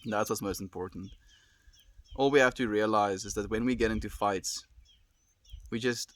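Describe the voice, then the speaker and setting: A South African man casually live-streaming from his farm, calmly reflecting and greeting viewers by name. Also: fairly low pitch, moderate pace. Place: outdoors on a rural farm.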